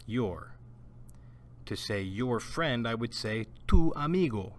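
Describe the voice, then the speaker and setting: A man's voice: mid-range voice, lively intonation, takes it slowly, a little hiss or hum. A man teaching Spanish vocabulary in a scripted lesson, patiently repeating each word for learners to echo. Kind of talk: slow scripted language lesson.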